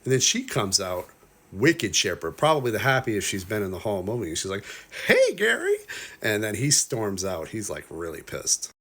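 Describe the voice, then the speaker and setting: A man's voice: fairly low pitch, expressive, fairly bright tone. A man casually breaking down a film as a reviewer, chatty and full of "like", with exasperated, incredulous asides. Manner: chatty, lots of "like", quick asides. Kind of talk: casual movie breakdown commentary.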